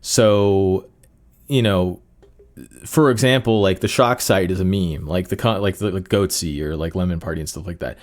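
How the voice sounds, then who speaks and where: A man's voice: low-pitched, moderate pace. A young man hosting a solo podcast, rambling casually with many fillers and restarts. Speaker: podcast host.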